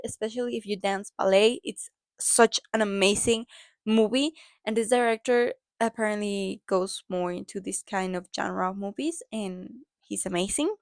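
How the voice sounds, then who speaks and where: A woman's voice: mid-range voice, darkish tone, dry recording. A woman vlogger recapping a movie in a casual, gushing way, often saying "like" and "literally" and speaking as a dancer herself. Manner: chatty and gushing, with lots of "like" and "literally"; dancer talking from personal experience.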